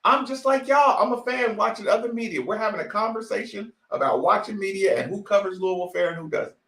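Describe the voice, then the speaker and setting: A man's voice: sits high, fast, fairly bright tone, roomy sound. A man from Asheville, hosting a sports talk podcast in a heated, ranting way, cussing and laughing often. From Asheville, North Carolina. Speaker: podcast host.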